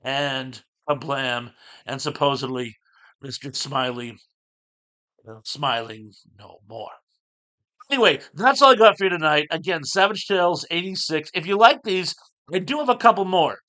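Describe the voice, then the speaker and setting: A man's voice: on the high side, animated, moderate pace, sharp tone. Rambling man recapping old comics. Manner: rambling, lots of fillers. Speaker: show host.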